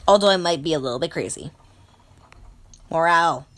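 A woman's voice: low voice, a little fast, fairly bright tone. A woman narrating her strategy game play in a melodramatic, self-mocking way. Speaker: gamer. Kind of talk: let's play game commentary.

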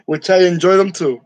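A man's voice: high voice, breathy edge, dry recording, lo-fi sound. A man from New York chatting casually with his viewers, joking and laughing often in a room decorated for Halloween. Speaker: channel host. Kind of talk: casual live chat with viewers.

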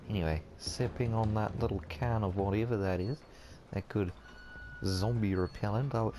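A man's voice: fairly low pitch, normal speed, long pauses, mellow, a little hiss or hum. A man giving joking commentary while playing a video game, putting on a mock Australian accent. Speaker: gamer. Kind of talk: comedic gameplay commentary.

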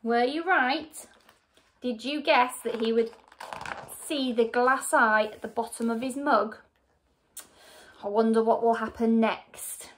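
Woman teacher reading to a class, high, lively voice, slow and clear. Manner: expressive, asks the listeners questions. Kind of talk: reading a story aloud to children.

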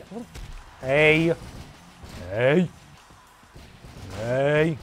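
Streamer, jokey fake ringside commentary, slightly high voice, game music faintly under. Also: male voice, expressive, normal speed, a little mellow. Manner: playful, jokey, breaks into humming and sound effects. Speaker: streamer playing a wrestling game. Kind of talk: mock wrestling commentary.

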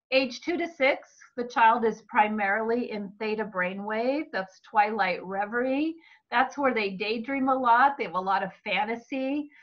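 A woman giving a Bible-based teaching talk about children's minds, earnest and expressive. Her voice is slightly hoarse from talking a lot. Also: mid-range voice. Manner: earnest and expressive, acting out what parents say to children. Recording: dull lo-fi recording.

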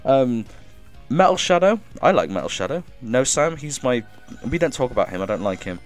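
A man streaming a game live, reading chat aloud and thanking viewers with excitable energy, coughing now and then as if ill. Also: mid-range voice, moderate pace, faint music behind.

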